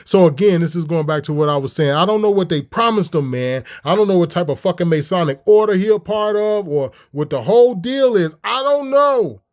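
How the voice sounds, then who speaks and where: Heated high-voiced man ranting. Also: lively intonation, fairly quick, hardly any pauses, darkish tone. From Chicago. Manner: heated, mocking, rhetorical questions. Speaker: commentator reacting to clips. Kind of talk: profane ranting commentary.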